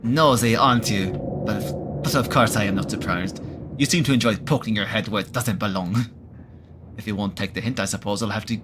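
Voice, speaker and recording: A man's voice: fairly low pitch, a little fast, background noise, close to an everyday voice. A man voicing a haughty female cat with a clumsy French accent, dismissive and snooty. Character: haughty snobbish female cat, hisses and bites.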